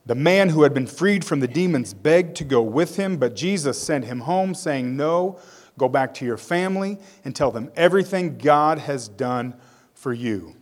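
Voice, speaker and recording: A man's voice: fairly high pitch, lively intonation, moderate pace. A male pastor preaching a sermon. He reads scripture aloud, tells it as a story with casual asides, and leads a prayer.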